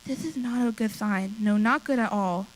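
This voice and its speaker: A woman reading a story aloud and voicing a worried older sister who talks in a hushed, gloomy way. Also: medium pitch, normal speed, lightly acted, poor audio.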